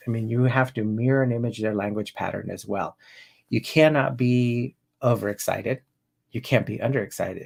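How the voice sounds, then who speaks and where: A middle-aged man explains ideas in a loose, informal teaching talk. His voice is husky and rough, with a gravelly edge, and he often restarts sentences and tags them with a quick "right?". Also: mid-range voice, darkish tone. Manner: rambling, with frequent restarts and tag questions. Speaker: NLP coach.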